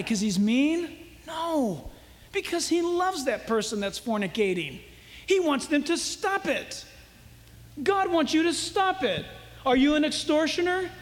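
A man preaching a sermon as pastor, animated, acting out voices from the stories he tells. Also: extremely high pitch, long reverb tail.

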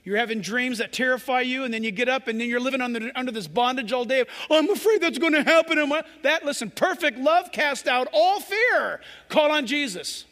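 A male pastor delivers an impassioned sermon in a very high, ringing voice. His tone is bright and forceful, and long reverb from a large hall trails every phrase. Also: lively intonation, fairly quick, hardly any pauses. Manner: impassioned preaching, acts out quoted voices.

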